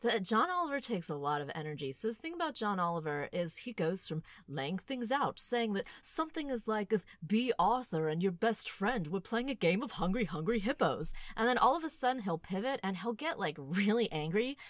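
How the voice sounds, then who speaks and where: Woman, podcast co-host, casual chat, wry and joking, lively pitch, dry close sound. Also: fairly quick, hardly any pauses, dry recording.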